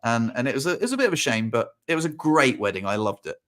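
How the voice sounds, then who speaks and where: A man's voice: medium pitch, sing-song, quick pace, fairly bright tone. A young adult man telling a story in casual chat, rambling with restarts and acting out quotes. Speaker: podcast host.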